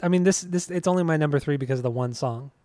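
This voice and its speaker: A man's voice: a little high, fast, warm tone, no room sound. A young man with a slightly raised voice chats casually, dry and close to the mic. He teases his co-host, laughs often and swears offhandedly. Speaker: podcast co-host. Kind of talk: casual chat.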